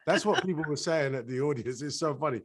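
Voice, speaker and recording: Middle-aged British man, laid-back guest, easy laugh, mid-pitched voice. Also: fast talker. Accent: British English. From England. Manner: relaxed, laughs easily, slips into voices. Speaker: actor guest. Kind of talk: casual interview chat.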